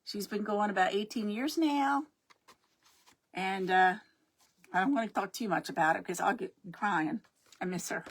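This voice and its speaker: A woman's voice: medium pitch, normal speed, long pauses. Chatty middle-aged woman hosting a craft livestream. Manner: chatty, greeting viewers by name. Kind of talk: casual live-stream chat.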